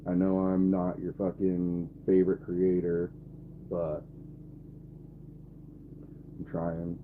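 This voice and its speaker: Man in his twenties, very low voice, blunt and cussing, tinny phone-like sound, faint hum behind. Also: monotone, slow. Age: 20s. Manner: blunt and irritated, swearing often. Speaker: livestreamer. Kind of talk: casual live stream chat. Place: camper.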